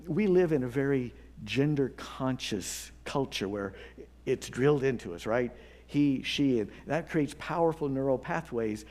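A man preaching a sermon in a voice a touch higher than most men's. He tells a story from his congregation with earnest pauses. He builds to emphatic, rising appeals. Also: a little mellow. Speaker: pastor.

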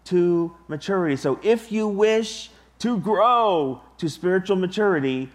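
A man preaching a sermon to his congregation, deliberate and emphatic, with long pauses. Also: a little high. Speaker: pastor.

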